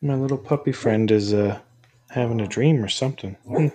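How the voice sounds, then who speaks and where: A man hosting a casual podcast, relaxed and chuckly, with lots of fillers. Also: mid-range voice, fairly quick, husky, no room sound. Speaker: podcast host.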